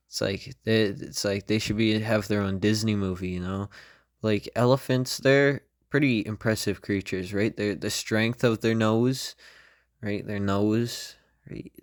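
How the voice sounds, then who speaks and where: A young man hosting a comedy podcast, rambling through a loose monologue and tagging nearly every phrase with "right?" or "you know?". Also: on the low side. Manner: meandering, constant "right?" and "you know?" tags. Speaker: podcast host.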